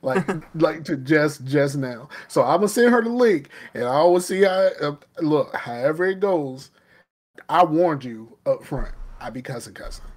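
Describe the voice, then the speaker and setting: Rambling, laughing podcast host. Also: male voice, fairly high pitch, lively intonation, unhurried. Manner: loose, rambling, laughs often. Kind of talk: casual chat.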